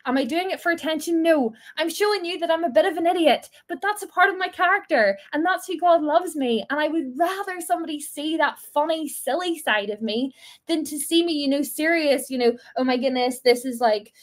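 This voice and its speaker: High-voiced playful woman in her twenties. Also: fairly quick. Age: 20s. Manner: playful, laughing, encouraging. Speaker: small group leader. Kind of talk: casual faith talk to a group.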